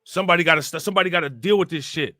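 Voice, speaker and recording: Male streamer host, bright edgy tone, animated slangy rant, dry close mic. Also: on the high side, very fast, dry recording. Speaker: livestream host reacting to news. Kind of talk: casual livestream commentary.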